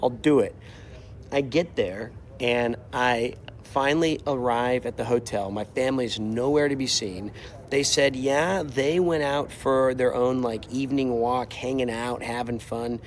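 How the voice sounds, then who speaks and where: A young man casually telling a travel story while walking outside, animated and exasperated, acting out quotes. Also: medium pitch, measured pace, a little hiss or hum. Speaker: streamer. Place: outdoors, walking. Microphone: mobile mic while walking.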